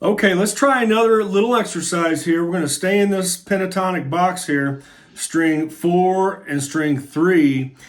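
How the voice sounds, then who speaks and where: A middle-aged man giving a casual guitar lesson, talking in a friendly, encouraging way and thinking aloud as he shows the moves. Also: fairly high pitch. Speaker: guitar teacher. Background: guitar playing.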